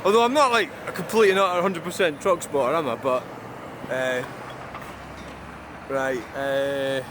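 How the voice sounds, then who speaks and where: Guy moaning about drivers at a roundabout, swears a lot, trucks rumbling by. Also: fairly even intonation, unhurried. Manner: chatty, grumbling, swears freely. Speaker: truck-spotting vlogger. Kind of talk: casual rambling monologue. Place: outdoors by a busy roundabout. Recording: outdoor traffic noise. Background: passing cars and trucks.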